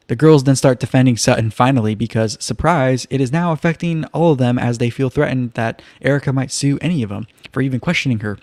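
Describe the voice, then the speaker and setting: A man with a mid-range voice speaks a little fast with few pauses, in clean studio sound without room noise, as he hosts a casual live-streamed reality show recap. Loose and chatty, he leans on "kind of" and "like," telling it relaxed with wry asides.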